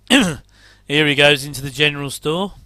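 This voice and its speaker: Chatty English man, bright crisp voice. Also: a little high, unhurried, no room sound. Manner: rambling, chatty, self-deprecating asides. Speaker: host. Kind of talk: casual reaction commentary.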